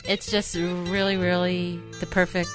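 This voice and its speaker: A woman's voice: lowish voice, flat delivery, a little slow, over music. A woman co-hosting a podcast, chatting in a giggly, enthusiastic way. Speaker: co-host. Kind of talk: casual podcast chat.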